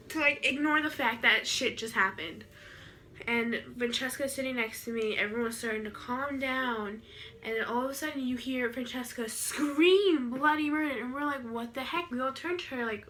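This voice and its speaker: A woman's voice: on the high side, bright, forceful tone, a little hiss or hum. A teenage girl telling a story to camera in a rambling, casual vlog style, full of fillers. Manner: rambling, filler-heavy retelling. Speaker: vlogger.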